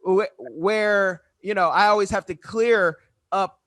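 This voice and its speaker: A man's voice: high voice, takes it slowly, no room sound, studio quality. A young man hosting a business podcast, asking long questions and acting out remarks people made to him. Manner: animated, acts out quoted remarks. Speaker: podcast host. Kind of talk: conversational interview.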